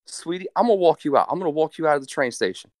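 A man's voice: a little high, animated, very fast, no room sound, clean studio sound, voice pushed up, natural voice. A man voicing a sassy, kind female train conductor with a New York accent, who calls people sweetie. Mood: motherly.

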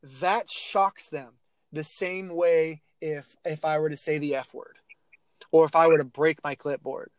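A man as a podcast guest, telling coaching stories in a casual, animated way with many restarts and fillers. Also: a little high, unhurried, smooth, dry recording. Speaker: guest, athlete mental-skills speaker.

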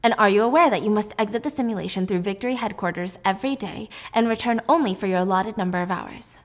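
A woman voicing a clinical doctor who reads out an applicant file in brisk, formal questions. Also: mid-range voice, close to an everyday voice.

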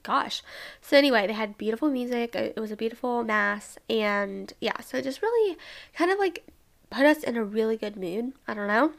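A woman's voice: fairly high pitch, animated, moderate pace, gravelly. A young woman from Alabama chatting casually about a trip with her sisters, bubbly and full of "like" and little laughs. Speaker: travel vlogger. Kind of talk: casual travel recap.

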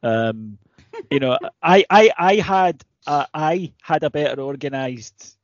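A man's voice: a little high, slow, no room sound, muffled recording. A man co-hosting a casual podcast chat, telling rambling, sweary stories. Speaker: podcast co-host.

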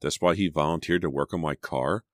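A man voicing an excitable, suspicious teenage girl in an audiobook, in a raised, emphatic voice. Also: a bass voice, fairly quick, dry recording, studio quality. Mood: bitter.

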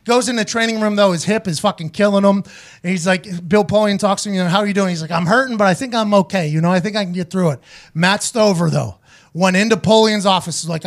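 A man's voice: sits high, a little fast. A man hosting a casual podcast, telling stories with lots of swearing and acting out quoted voices along the way. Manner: profane, animated storyteller doing quoted voices. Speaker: show host, former punter.

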